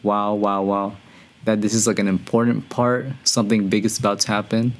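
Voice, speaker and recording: A man hosting a music reaction video, talking casually and excitedly to his viewers and often breaking into higher, louder exclamations. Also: moderate pace. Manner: excitable, slangy, talks to viewers as "bro".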